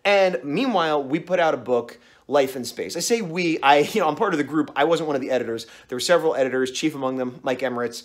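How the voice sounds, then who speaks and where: A man's voice: on the high side, quick pace, few pauses. A man casually telling a long story on his vlog, rambling and acting out the other voices in it. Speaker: comic artist vlogger.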